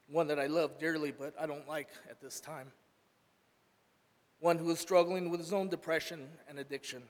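Earnest male church speaker, slightly high voice, long reverb of a hall. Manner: earnest, swells loud then drops soft. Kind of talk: emotional sermon testimony.

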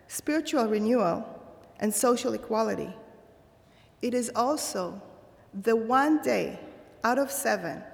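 Slow, gravelly woman preaching in a hall. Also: fairly high pitch. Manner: slow, measured, thoughtful delivery. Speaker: religious speaker. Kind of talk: reflective holiday sermon.

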